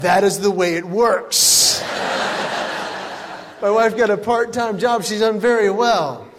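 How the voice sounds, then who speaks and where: A middle-aged man doing a stand-up comedy routine, telling family stories with animated punchlines on stage in a large hall. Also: high voice, slow. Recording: reverberant hall with faint ambience.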